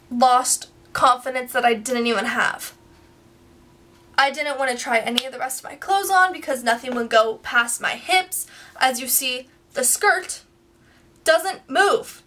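A woman's voice: sits high, pushed and bright, far from the mic. A young woman vlogger ranting in a chatty, frustrated way to her viewers. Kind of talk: casual vlog rant.

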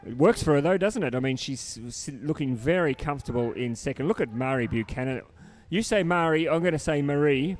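A man's voice: medium pitch, lively intonation, a little fast, hardly any pauses, a little mellow. Guy joking around while calling a paddleboard race, ribs his co-hosts. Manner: teasing, chatty, banters with co-hosts. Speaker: lead commentator. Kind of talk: joking live sports commentary.

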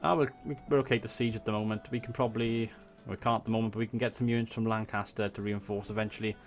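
A Welsh man with a fairly low voice commentates a strategy game into a desk microphone, talking casually as he thinks through his moves. Faint game music plays softly behind him. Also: level tone, fast. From Wales. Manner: casual, thinks aloud, swears when surprised. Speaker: gaming YouTuber. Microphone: desk USB microphone.

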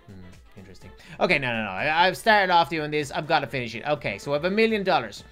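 A woman narrates her gameplay in an excitable, playful way, talking straight to her viewers. Her voice sits slightly low, yet it jumps all over the place with energy. Soft background music runs underneath. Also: fast talker. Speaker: gaming YouTuber. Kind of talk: casual gameplay commentary.

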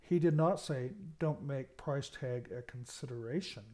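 His medium-pitched voice is dark in tone and measured in pace. An American university lecturer, he works through management topics in a recorded lecture, leaning on key words and frequently asking "okay."

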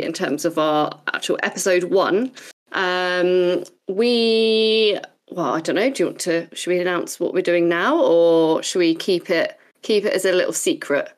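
A woman's voice: on the low side, a little slow. A woman hosting a podcast in upbeat, casual chat. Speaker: podcast host.

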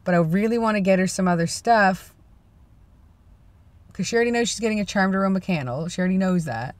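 A man's voice: high voice, quick pace, no echo. A young man in his twenties, vlogging casually in a rambling, self-deprecating way. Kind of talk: casual vlog chat.

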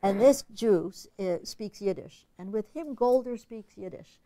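A woman's voice: medium pitch, a little slow, mellow, dry recording. A woman giving an academic literature lecture in an analytical, conversational way, thinking aloud as she goes.

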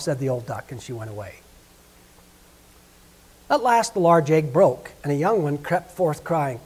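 Man, storybook reading, husky voice, lively expressive pitch. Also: moderate pace, pauses often. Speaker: reader at a Sabbath service. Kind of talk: reading a fairy tale aloud.

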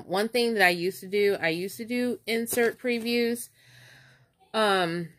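A woman chatting excitedly in a casual vlog, stuttering now and then as she leafs through coupon inserts. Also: lowish voice. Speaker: couponing vlogger. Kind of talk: casual show-and-tell vlog.

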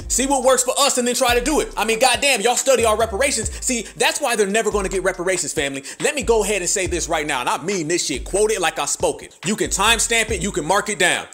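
A man's voice: sits high, expressive, fast talker, few pauses, a bit bright, soft background music. A man hosting a podcast in a fiery, preachy monologue, full of rhetorical questions and profane slang. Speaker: podcast host.

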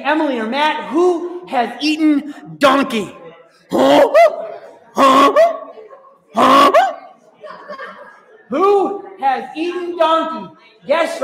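Man, youth leader, very high voice, playful and upbeat, hall reverb. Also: fairly bright tone. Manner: upbeat, playful, calls out to the crowd. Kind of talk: lively talk to a student youth group. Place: large hall with a live audience.

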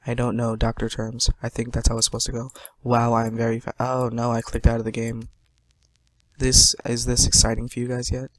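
A man's voice: medium pitch, completely flat delivery, a little fast, no room sound. A man giving jokey let's-play commentary, talking to his viewers and teasing himself as he plays. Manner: joking, self-mocking, talks to viewers. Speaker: gaming commentator.

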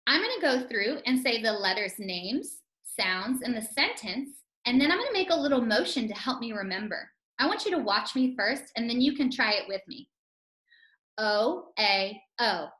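A woman teacher giving a scripted phonics lesson to young children, speaking slowly and clearly and stretching out sounds. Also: on the high side, pushed and bright, roomy sound, low-quality recording.

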